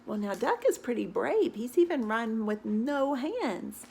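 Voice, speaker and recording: A woman teacher reading a picture book aloud to her class, animated and often stopping to ask the children questions. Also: fairly high pitch, measured pace, gravelly, slight background noise.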